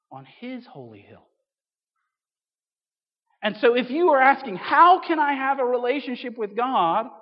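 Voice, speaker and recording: An earnest man preaches a sermon, speaking straight to his listeners and leaning on rhetorical questions. His voice rings through a large church hall with a long reverb tail, and the recording sounds slightly muffled. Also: sits high. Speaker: pastor.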